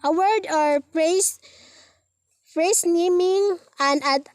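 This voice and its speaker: Slow, high-voiced Filipino woman teacher. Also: no echo. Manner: slow, careful, reads words one by one. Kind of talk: recorded lesson reading word lists.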